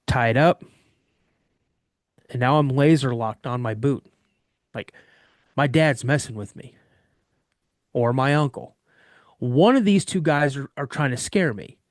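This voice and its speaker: A man casually recounting a story from his childhood in first person, animated and vivid, often restarting mid-sentence. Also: mid-range voice, measured pace, long pauses, no echo, clean studio sound. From Washington state. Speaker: guest telling an encounter story.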